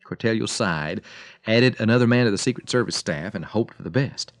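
A man giving a radio devotional, telling a story dramatically and slowing and softening his voice for emphasis. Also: fairly low pitch, no echo. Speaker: radio preacher.

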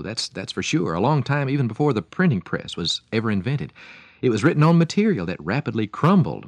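A man hosting a radio devotional talk, telling a story and preaching in an animated, emphatic way. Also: medium pitch, no echo. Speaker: radio program host and preacher.

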